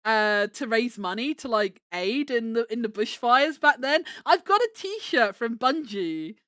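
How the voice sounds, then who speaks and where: A woman's voice: fairly high pitch, expressive, measured pace, a bit bright, no echo, clean studio sound. A woman livestreaming from home, chatting casually with viewers, giggling and restarting her words as she talks into a desk microphone.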